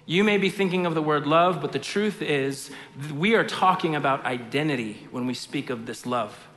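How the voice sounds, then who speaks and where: Pastor, middle-aged man, higher voice, impassioned sermon delivery, long reverb of a church hall. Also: moderate pace. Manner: impassioned, swings from hushed to loud emphatic preaching.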